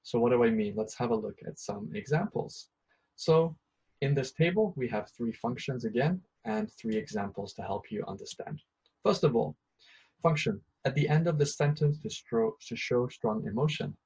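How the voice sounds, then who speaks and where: Male teacher, mid pitch, husky, patient and repetitive, muffled lo-fi audio. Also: expressive, normal speed, darkish tone. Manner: patient, repeats each point, some um and uh. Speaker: English teacher. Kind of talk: scripted grammar lesson.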